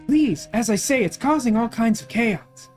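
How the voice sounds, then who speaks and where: A woman's voice: a little high, expressive, normal speed, darkish tone, soft background music, close to an everyday voice. A woman voicing a vain, haughty ancient queen who has become a vengeful cyber ghost, declaiming grandly. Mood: smug. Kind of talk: voicing game characters.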